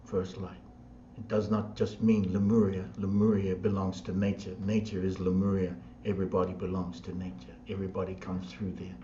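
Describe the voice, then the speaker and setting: Slow repetitive New man, echoey. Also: sits low, mellow, slight background noise. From New Zealand. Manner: slow, repetitive, chant-like phrasing. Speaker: spiritual teacher. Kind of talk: spiritual talk. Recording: dull sound in an echoey room.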